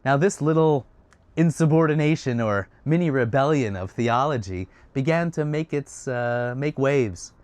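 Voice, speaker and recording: A man retelling a story in a casual, conversational way, getting animated at times. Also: medium pitch, a little slow, dry recording.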